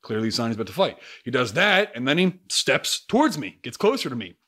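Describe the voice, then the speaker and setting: A young man telling a story in a casual vlog, energetic and profane. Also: medium pitch, quick pace. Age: young adult. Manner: energetic, profane, swings into loud outbursts. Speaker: YouTuber.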